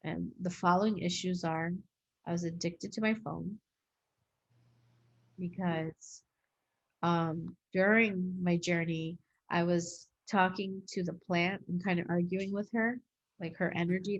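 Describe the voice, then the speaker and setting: The host, an adult woman with a young daughter, rambles through her own experience during an interview, filling it with "like" and "um" and acting out dialogue. Her lowish voice keeps a fairly even intonation at a moderate pace, and the audio sounds dull.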